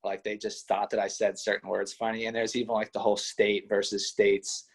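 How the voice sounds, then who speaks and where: A man's voice: lowish voice, flat delivery, a little fast. Easygoing young man, Pittsburgh-Midwest accent. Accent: Pittsburgh mixed with Midwest. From western Pennsylvania. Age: young adult. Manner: easygoing, modest, filler-heavy with many "you know" and "like". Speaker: college wrestler guest. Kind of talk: casual interview chat.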